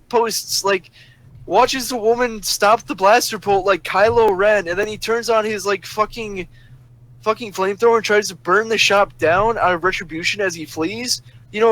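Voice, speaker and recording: Man with a high-pitched voice, venting a foul-mouthed, exasperated rant into a voice chat mic. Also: a bit bright, low-quality recording. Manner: profane, exasperated ranting. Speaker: voice chat participant. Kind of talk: ranting story on a voice call. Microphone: voice chat microphone.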